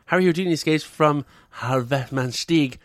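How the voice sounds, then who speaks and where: A man's voice: fairly high pitch, normal speed, dry recording, clean studio sound. A man co-hosting a casual podcast, reading out historical dates and joking, often swearing. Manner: jokey, swears a lot, acts out silly voices. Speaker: podcast co-host.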